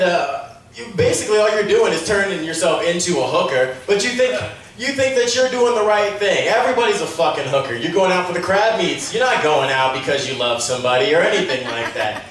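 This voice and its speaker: A man's voice: high voice, lively intonation, normal speed, a bit bright. A man doing a crude, rambling, profane stand-up comedy set. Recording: echoey room, mic far off.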